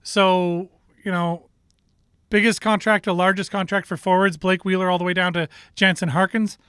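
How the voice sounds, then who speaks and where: High-voiced Canadian man, dry studio sound. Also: little pitch movement, normal speed, a bit bright, clean tone, no room sound. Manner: rambling with restarts, opinionated. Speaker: sports show co-host. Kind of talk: casual sports talk.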